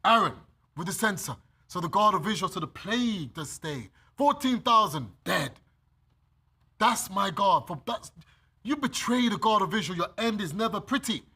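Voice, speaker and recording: British male preacher, high husky voice, lively storytelling sermon. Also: normal speed. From Britain. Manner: animated, acts out scenes, laughs often. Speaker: preacher leading bible study. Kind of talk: sermon with scripture reading.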